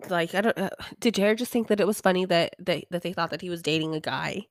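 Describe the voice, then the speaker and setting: A woman's voice: fairly low pitch, quick pace, no echo, clean studio sound. A young woman hosting a podcast, casually recapping a TV episode in a chatty, irreverent way, swearing freely and sighing now and then. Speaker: podcast host.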